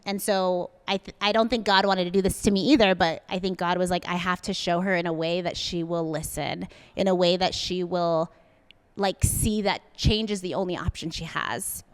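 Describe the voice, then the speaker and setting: A woman's voice: fairly low pitch, smooth. Candid woman telling a personal story. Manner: candid, animated storytelling, many fillers, acts out quotes. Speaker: podcast guest, coffee shop founder. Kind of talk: personal story in a podcast interview.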